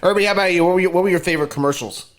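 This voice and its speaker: A man hosting a casual sports podcast, relaxed and chatty, who laughs often. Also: high voice, very fast. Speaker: podcast host.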